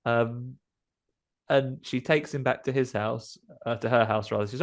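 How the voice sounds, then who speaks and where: A man, a podcast host, casually recapping a horror film with jokes and quick voices for the characters. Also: medium pitch, fairly even intonation. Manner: jokey recapping, acts out characters in quick asides.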